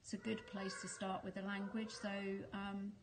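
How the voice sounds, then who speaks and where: A woman's voice: medium pitch, level tone, normal speed, noisy background. A woman from the UK talking casually in a vlog, chatty and hesitant with frequent ums. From United Kingdom. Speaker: vlogger.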